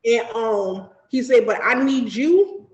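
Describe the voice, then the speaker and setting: Woman, slightly high voice, animated and profane storyteller who acts out quoted voices; echoey room. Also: slow, highs cut off. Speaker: podcast guest. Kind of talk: casual storytelling chat.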